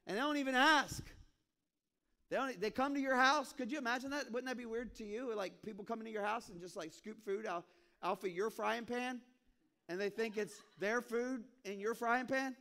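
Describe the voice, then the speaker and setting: A pastor delivers a sermon with a high, bright voice. He tells his stories animatedly, acting out dialogue and jumping into squeaky exclamations. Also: moderate pace. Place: church sanctuary.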